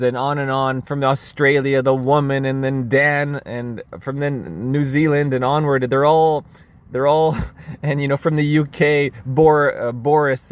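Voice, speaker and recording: A man from Canada, hosting casual political commentary in a sarcastic, rambling way with frequent laughs. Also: mid-range voice. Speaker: commentary video host.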